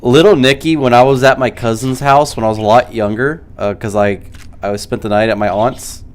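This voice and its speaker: A man's voice: mid-range voice, steady tone, normal speed. A man from California chatting casually over gameplay, rambling and quoting movies. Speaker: gaming streamer.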